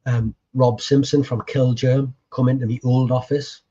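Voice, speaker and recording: A man's voice: medium pitch, little pitch movement, normal speed, mellow, lo-fi sound. A man telling a story in casual conversation, chatty and swearing freely as he acts out past conversations. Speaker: podcast co-host appearing as guest.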